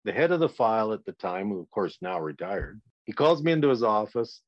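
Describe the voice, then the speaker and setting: A man's voice: on the low side, big pitch swings, fairly quick, dry recording. An older man telling a story as a podcast guest, blunt, indignant and swearing freely. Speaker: guest, father of a murder victim. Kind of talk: impassioned storytelling in a podcast interview. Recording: dull lo-fi dry recording.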